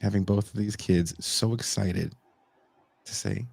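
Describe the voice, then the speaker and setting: A man in his forties co-hosting a podcast, telling stories in a casual, animated way and swearing freely. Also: lowish voice, unhurried, vocal fry, breathy edge, no echo. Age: 40s. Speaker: podcast co-host. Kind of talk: casual chat.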